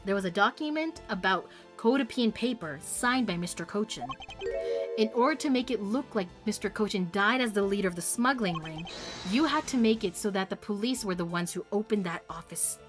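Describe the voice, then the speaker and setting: A woman reading a confident male prosecutor's accusations from a game in her own voice, measured and pointed. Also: mid-range voice, expressive, over music, close to an everyday voice. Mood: accusing.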